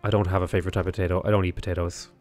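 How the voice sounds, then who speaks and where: An Irish man with a low voice talks casually on a game livestream. He rambles and restarts his sentences, leaning on fillers as he plays. The sound is close and dry, with faint game music underneath. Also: flat delivery, racing, darkish tone, no echo. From Ireland. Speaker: streamer.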